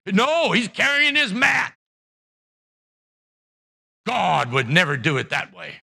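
High, bright-voiced preaching man. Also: sing-song, measured pace, creaky, long pauses. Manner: impassioned preaching, shouting at peaks; acts out Bible characters' voices. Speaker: pastor. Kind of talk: sermon. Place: church sanctuary.

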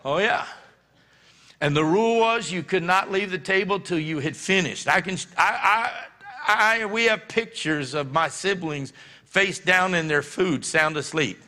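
Man, middle-aged, pastor, folksy sermon, bright forceful voice, long church reverb. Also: sits high, measured pace. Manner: folksy storytelling, laughs often. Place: church sanctuary.

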